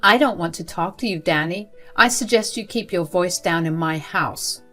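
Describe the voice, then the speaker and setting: A woman's voice: on the low side, normal speed, a bit bright, faint music behind. A woman voicing a cold, spiteful older woman who runs a school, speaking in a cruel, dismissive way. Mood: contemptuous.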